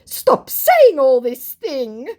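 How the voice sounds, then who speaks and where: A woman's voice: high-pitched, huge pitch swings, a little mellow, voice pushed up, exaggerated voice. A woman putting on a flustered, pleading male scammer. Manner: halting, clumsy broken English. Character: confused pleading male online scammer, broken English.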